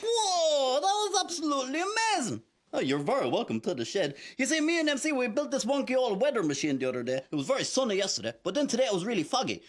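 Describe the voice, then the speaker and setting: Excitable kids' TV presenter. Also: male voice, extremely high pitch, quick pace. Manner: excitable, exclamatory. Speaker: children's TV presenter. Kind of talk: comic kids' TV sketch.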